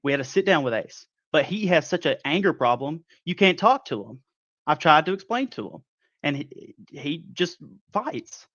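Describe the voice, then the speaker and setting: A man's voice: on the high side, sing-song, normal speed, fairly bright tone, dry recording. Aggrieved male wrestler on a dull call. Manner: defensive, aggrieved, boastful. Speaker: guest wrestler. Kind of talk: in-character wrestling promo interview.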